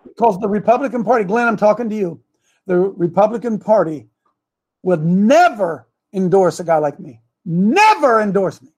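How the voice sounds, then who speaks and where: High-voiced preacher man calling for amens. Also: animated, normal speed, a little mellow, breathy edge. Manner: calls for amens from the congregation; repeats words and restarts, speaks directly to people in the room. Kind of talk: sermon mixed with political talk.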